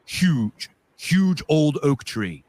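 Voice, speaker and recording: A man's voice: fairly high pitch, big pitch swings, drawn-out words, darkish tone. A man from the northeastern US, a podcast co-host telling a vivid, rambling story with lots of fillers and swearing. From northeastern US, Pennsylvania. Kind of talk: casual storytelling.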